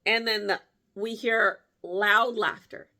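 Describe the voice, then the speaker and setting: A woman vlogger telling a story in a casual way, animated, laughing often and jumping her voice up to act out what people said. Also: takes it slowly. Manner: animated, acts out quotes with big pitch jumps.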